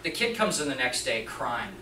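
A man giving a live training presentation to an audience, telling a story in an animated way and acting out the dialogue. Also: medium pitch, moderate pace, noisy background. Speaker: workplace trainer and mechanic. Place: meeting room at a hospital. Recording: roomy echo, distant mic.

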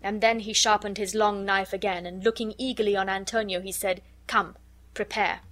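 A woman reading a classic story aloud as an audiobook narrator, in an even, measured way. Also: mid-range voice.

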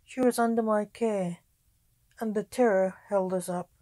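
A woman's voice: mid-range voice, fairly even intonation, measured pace, warm tone, no room sound, close to an everyday voice. A woman voicing a guarded young nobleman knight in a storybook reading, in her own plain reading voice, recorded dry and close.

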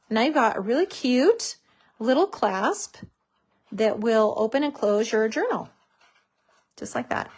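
A woman's voice: on the high side, husky. A woman hosting a craft tutorial, chatting casually and gushing over how cute everything is as she works.

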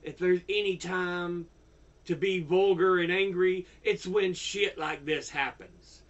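An older man giving an angry political rant, heavily profane and bursting into shouts. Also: sits high, fairly even intonation, slow, dull audio. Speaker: YouTuber.

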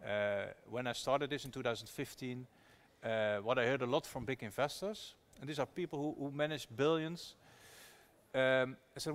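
A man's voice: mid-range voice, moderate pace. Earnest man telling a story. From Netherlands. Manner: earnest, animated storyteller with frequent restarts. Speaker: activist investor guest. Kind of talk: storytelling conversation at a public talk.

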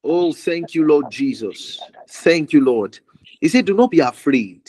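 A man's voice: fairly high pitch, animated, measured pace, darkish tone, dry recording, poor audio. A man ministering prophetically over a call, declaring fervently with much repetition and sometimes dropping to a whisper.

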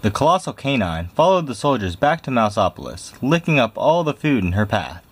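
A man reading a picture book aloud in a lively, expressive way. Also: mid-range voice, brisk, husky. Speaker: storybook reader.

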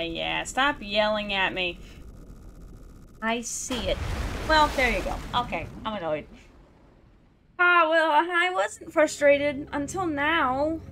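A high-pitched woman with a sharp tone plays a video game for a let's play, offering casual, self-mocking commentary. She talks to herself, laughs and groans at the game, and lets out exasperated sighs and outbursts.

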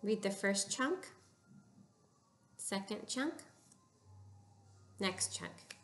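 Woman reading teacher, very slow, clear prompts, pauses for kids to answer, mid-pitched. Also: lively intonation. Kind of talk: recorded phonics lesson for young children.

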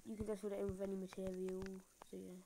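A woman narrates a casual building tutorial while she plays, rambling and filling gaps as she goes. She makes fun of her own mistakes. Her voice sits at an everyday middle pitch, picked up by a phone screen recorder with a faint hiss underneath. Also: flat delivery, fast talker, vocal fry, mellow, low-quality recording. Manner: rambling, filler-heavy, self-mocking. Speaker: game tutorial maker. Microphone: phone screen recorder mic.

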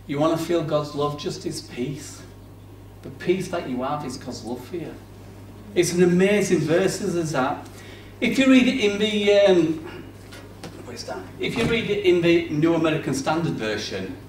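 A man preaching a sermon in a conversational manner, swinging between loud bursts and hushed passages. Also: fairly high pitch, animated, measured pace, distant mic, a little hiss or hum. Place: church hall. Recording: roomy, off-mic church recording.

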